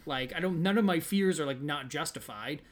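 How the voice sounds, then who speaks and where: A man's voice: on the high side, normal speed. A man chatting about a film in a rambling way, full of "like" fillers. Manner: rambling, filler-heavy with lots of "like". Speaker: podcast co-host. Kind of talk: casual movie review chat.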